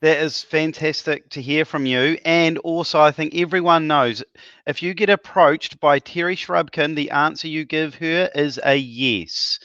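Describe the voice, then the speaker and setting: A man's voice: fairly high pitch, steady tone, measured pace, pushed and bright, clear, resonant tone, no room sound, lo-fi sound. A man hosting an awards ceremony, upbeat and chatty with lots of ums and laughs. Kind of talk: live emcee patter.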